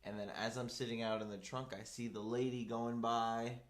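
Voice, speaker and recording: A man's voice: mid-range voice, normal speed. A young man co-hosting a podcast, telling a story in casual chat, acting out the people he quotes and leaning on "like" a lot. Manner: animated storyteller, acts out quoted people, heavy "like" fillers. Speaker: podcast co-host.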